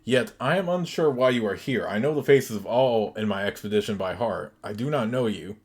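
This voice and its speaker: A man's voice: lowish voice, animated, fairly quick, breathy edge. A man voicing a young, resolute woman wizard-warrior from a computer game, speaking in formal, old-fashioned phrasing. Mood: stern.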